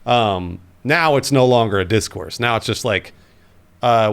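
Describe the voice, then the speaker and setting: A man in his thirties co-hosting a podcast, telling his own stories in an earnest, animated casual chat. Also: medium pitch, unhurried, clear, resonant tone. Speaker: podcast co-host.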